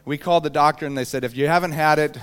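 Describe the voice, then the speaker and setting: A man preaching in a church, telling a personal story and acting out the voices in it. His voice is smooth and clear, and sits a little higher than most men's. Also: very fast. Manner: animated storyteller, acts out voices. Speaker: pastor.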